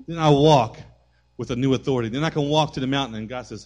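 Man, pastor, sermon, animated storytelling, middle pitch. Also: brisk, pauses often. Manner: animated storytelling, acting out voices and shouting at peaks. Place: church sanctuary.

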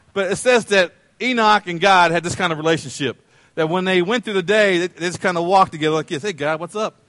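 A man's voice: fairly high pitch, fairly bright tone, no room sound. A man preaching a sermon as a pastor, conversational and playful, often repeating his phrases.

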